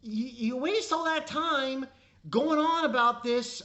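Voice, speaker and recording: A woman's voice: high voice, lively intonation, measured pace, sharp tone. An exasperated woman tears into an anime episode in a casual spoken review. Her voice leaps up and down as she vents, swearing freely and sounding fed up.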